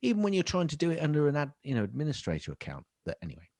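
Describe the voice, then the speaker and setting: A man's voice: a little high, wildly swooping pitch, rapid-fire, a little mellow, no room sound. A man co-hosting a tech podcast, chatting casually with lots of ums and jokey asides. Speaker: podcast co-host. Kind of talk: casual chat.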